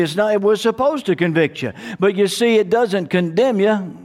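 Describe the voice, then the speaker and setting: A man's voice: high-pitched, moderate pace, a little mellow. A man preaching a sermon to his congregation, emphatic and calling out hallelujah and amen. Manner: calls out to the congregation for responses. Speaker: pastor.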